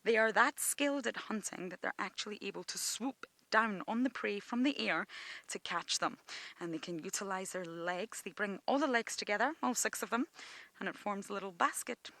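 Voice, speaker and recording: Bright-voiced woman safari guide. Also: medium pitch, moderate pace, dry recording. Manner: enthusiastic, explaining nature facts to viewers. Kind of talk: live game drive commentary. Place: outdoors in a game reserve.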